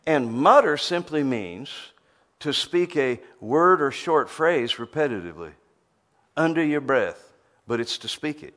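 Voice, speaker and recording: A man's voice: a little high, expressive, a little slow, a bit bright. A man preaching a sermon, emphatic, often repeating words as he starts a phrase.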